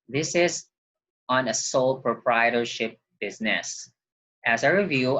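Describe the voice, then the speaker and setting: A man's voice: medium pitch, sharp tone. A man giving a recorded accounting lecture, explaining patiently step by step and stopping often to remind listeners of key points. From Philippines. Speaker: accounting teacher. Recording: dull lo-fi recording.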